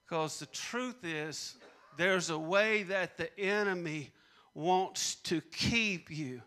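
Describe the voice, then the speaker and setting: A man's voice: a little high, slow pace, sharp tone. A man preaching a sermon, repeating punchlines and leading call-and-response with the congregation. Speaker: pastor.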